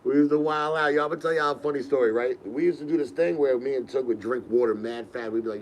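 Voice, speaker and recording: A man's voice: mid-range voice, quick pace, few pauses, slight background noise, poor audio. A young man, hosting a podcast and telling rambling, laid-back stories with laughs. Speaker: podcast host. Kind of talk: casual storytelling.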